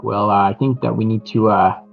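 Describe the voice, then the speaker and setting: A man's voice: on the low side, fairly even intonation, a little fast, creaky, soft background music. A man playing a tabletop game, talking hesitantly with many fillers, on a dull lo-fi recording. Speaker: player. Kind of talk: casual tabletop play. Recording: dull lo-fi mic.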